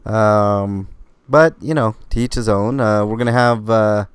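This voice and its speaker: Laid-back low-voiced male podcast host. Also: unhurried, clean tone, dry recording. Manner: rambling, filler-heavy, laid-back. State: hiccuping. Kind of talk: casual live-stream podcast chat.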